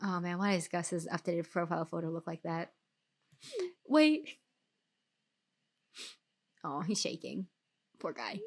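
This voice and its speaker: A woman's voice: fairly low pitch, animated, slow pace, pauses often. A sick-sounding woman streaming a game, rambling casually with fillers, restarts and swearing. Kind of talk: casual gameplay commentary.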